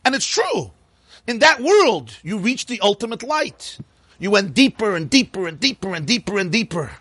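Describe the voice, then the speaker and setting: A man's voice: high voice, a bit bright, breathy edge, no room sound. A man giving a spoken Torah lecture, emphatic and repeating phrases for stress. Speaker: teacher of a religious class.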